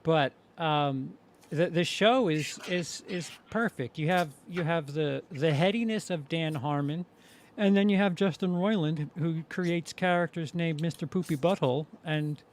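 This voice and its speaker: Male co-host, slightly high voice, rambling with restarts, casual and profane. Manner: rambling, halting restarts, swearing. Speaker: podcast co-host. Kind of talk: casual chat.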